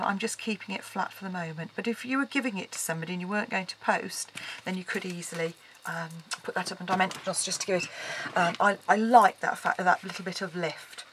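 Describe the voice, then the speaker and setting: Woman, casual craft tutorial, chatty with ums, loud hiss behind, clicks. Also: mid-range voice. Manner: chatty, explaining while working, frequent ums. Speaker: card-making crafter. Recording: loud background noise.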